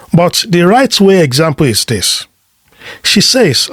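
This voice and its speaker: A man giving motivational relationship advice in deliberate, emphatic short phrases. He asks rhetorical questions and repeats words when he restarts a thought. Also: high voice, big pitch swings, a bit bright, slightly rough, no room sound, studio quality. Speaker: relationship coach.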